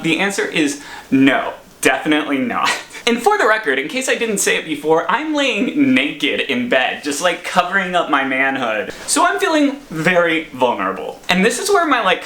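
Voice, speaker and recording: Animated young man telling a story. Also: fairly high pitch, moderate pace, reverberant. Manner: animated, laughing, dramatic storytelling. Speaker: vlogger. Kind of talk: storytime vlog. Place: his apartment.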